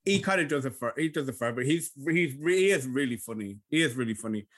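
A man's voice: mid-range voice, expressive, quick pace, fairly bright tone. An Irish man co-hosting a podcast, chatting casually, self-mocking and swearing freely. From Ireland. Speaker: podcast co-host. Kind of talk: casual chat.

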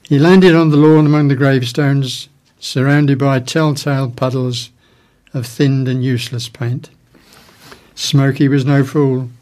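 Man telling jokes, a little halting. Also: medium pitch. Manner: hesitant at first, restarting words, then a steady storyteller. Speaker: radio guest telling jokes.

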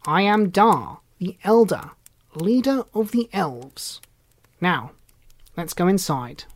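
A storyteller voicing a kindly old male elf elder who leads the elves, speaking slowly and patiently in a storybook read-aloud. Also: mid-range voice, animated. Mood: welcoming. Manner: slow, measured, instructive.

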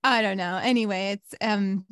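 A woman co-hosting a podcast in casual chat, talking in an even, low-key tone full of "like.". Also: moderate pace, smooth, dry recording, studio quality. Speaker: podcast co-host.

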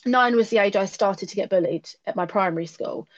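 Woman, late thirties, podcast guest, frank and reflective, mid-pitched voice, slightly dull lo-fi recording. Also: a little fast. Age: late 30s. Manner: reflective and frank, with self-mocking laughter. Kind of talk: candid personal conversation.

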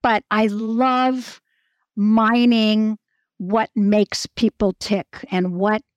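A woman in her sixties, a guest telling animated stories with frequent restarts. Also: mid-range voice, very slow, no echo, lo-fi sound. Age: 60s. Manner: animated storyteller, restarts often. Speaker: actress and guest. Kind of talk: casual interview talk.

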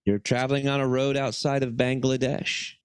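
A man's voice: medium pitch, level tone, moderate pace, smooth, no echo. A young adult man, co-host of a podcast, telling a long story in casual chat, with lots of restarts and little voices for characters. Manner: rambling storyteller with many restarts, slips into silly voices for characters.

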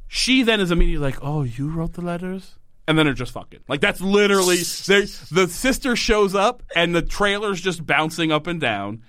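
A man co-hosting a casual podcast, recapping a TV episode in an animated way, swearing and acting out the characters' lines. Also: high voice, a little fast, no room sound, studio quality. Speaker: podcast co-host.

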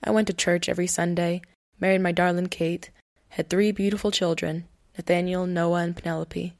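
A folksy old gambler ghost with a southern drawl spins a boastful tale of his life, as a woman reads him in her own low, flat voice. It is a storybook telling, with a dry, close sound. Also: no echo, close to an everyday voice.

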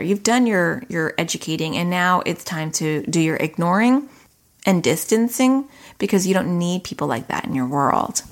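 A middle-aged woman therapist giving conversational advice to parents, explaining behavior through analogies and acting out quoted dialogue. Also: fairly low pitch. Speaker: child anxiety therapist.

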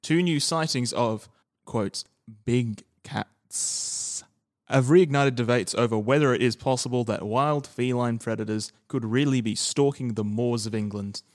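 A man's voice: medium pitch, normal speed. A man co-hosting a podcast, making jokey asides and reading news, often stammering and restarting his sentences. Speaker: podcast co-host. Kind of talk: casual chat, reading out news stories.

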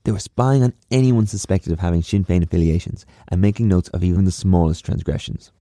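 A man's voice: low voice, quick pace, dark tone, no echo, studio quality. A man hosting a history podcast, reading a script in a casual, wry way with sarcastic asides. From Ireland.

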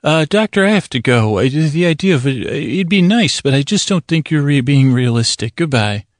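Man doing a prim, fussy official at a bedtime institute, voice pushed higher, clipped polite refusals. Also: animated, moderate pace, no echo, clean studio sound, lightly acted.

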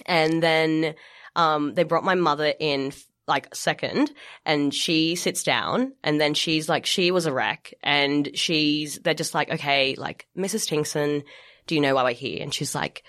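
A young woman, telling a personal story in casual chat, halting with many restarts and frequent laughs. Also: sits low, a bit bright. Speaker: guest sharing her story.

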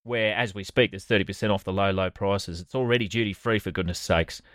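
An Australian man spins a comic story in a deadpan, sardonic way, dropping swear words without fuss. His voice sits low, and the recording is close and dry with no room sound. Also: brisk, dry recording. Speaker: podcast co-host. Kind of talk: comedic storytelling chat.

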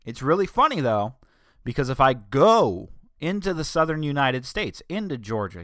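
A young man from northern Delaware talks through his solo podcast in a loose, rambling way, circling back on himself and tossing in jokes. His voice sits at an ordinary middle pitch. The recording is dry and close, with no room echo. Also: big pitch swings, normal speed, fairly bright tone. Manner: rambling, self-correcting, joking asides. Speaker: podcast host. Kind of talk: casual solo podcast monologue.

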